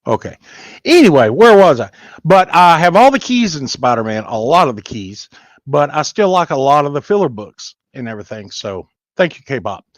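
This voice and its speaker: A man's voice: fairly high pitch, sing-song, moderate pace, no echo. A man chatting casually on a live stream, rambling in a folksy way as he talks to viewers. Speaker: comic book collector hosting a live stream. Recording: dull lo-fi dry sound.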